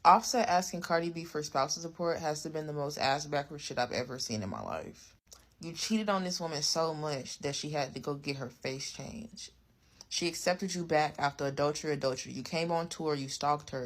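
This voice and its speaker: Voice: medium pitch, normal speed. A speaker giving casual commentary, angry and heated, swearing heavily.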